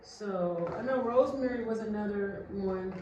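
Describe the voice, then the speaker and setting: A woman's voice: medium pitch, normal speed. A woman giving a casual how-to chat to her viewers, loose and talkative, calling them "you guys". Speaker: spiritual vlogger. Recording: very echoey room, far from mic, noisy.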